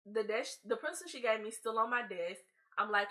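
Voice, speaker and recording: A young woman vlogger telling a casual story in an animated, slangy way, acting out the people in it. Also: on the high side, brisk.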